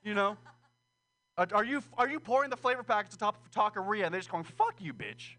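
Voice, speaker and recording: A man's voice: sits high, fast, pushed and bright. A man doing a rambling, crude, self-deprecating stand-up set on a small stage, laughing nervously between jokes. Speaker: stand-up comedian.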